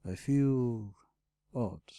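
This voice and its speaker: A man voicing a brooding male red dragon, speaking in a low, curt, growling way in an audiobook. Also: very slow, dark tone, no room sound. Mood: conflicted. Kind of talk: audiobook character voice.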